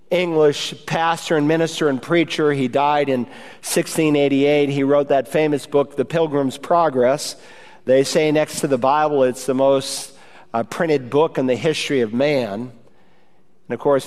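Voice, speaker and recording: A man's voice: fairly high pitch, in a large hall. A male pastor delivering an urgent, emphatic sermon to his congregation.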